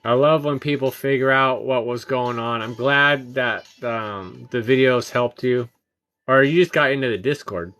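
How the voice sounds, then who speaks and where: A man hosting a late-night trading livestream, talking through charts in a relaxed, halting way with many ums and uhs and greeting chat viewers, sounding tired. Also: mid-range voice. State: tired, yawning. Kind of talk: casual live-stream chart commentary.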